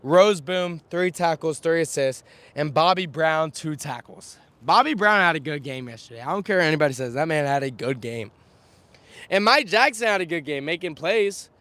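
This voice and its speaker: A man's voice: fairly high pitch, moderate pace, dry recording. A young man recovering from a slightly scratchy voice, talking energetically through a live sports recap outdoors on a windy day, speaking to a camera on a stand. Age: young adult. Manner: energetic, chatty, lists stats. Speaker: sports vlogger. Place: outdoors outside a stadium, windy.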